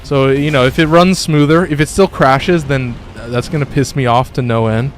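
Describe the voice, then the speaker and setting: A young man live-streams a game from his bedroom, talking casually to viewers between excited, profane outbursts at the enemies he fights. His voice sits at an ordinary middle pitch. A faint hiss runs under the phone recording. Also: moderate pace. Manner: excitable, swears at enemies, chatty asides to viewers. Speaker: gaming streamer. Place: home bedroom.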